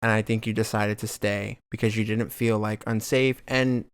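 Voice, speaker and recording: A young man co-hosting a podcast, talking in a supportive, halting way with many fillers. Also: lowish voice, level tone, clean tone, no echo. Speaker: podcast co-host. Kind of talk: casual podcast chat.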